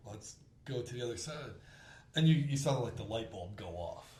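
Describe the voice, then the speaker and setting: A man in his thirties telling a hunting story in casual chat, acting out the quotes with quick laughs. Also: mid-range voice, expressive, mellow. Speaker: podcast host. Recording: roomy with faint background noise.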